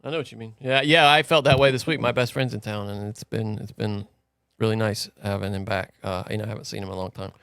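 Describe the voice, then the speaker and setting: A man's voice: fairly low pitch, steady tone, fast talker, creaky, fairly bright tone, clean tone, no echo, clean studio sound. A male podcast co-host chatting casually in a laid-back way. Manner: laid-back, reads listener reviews aloud.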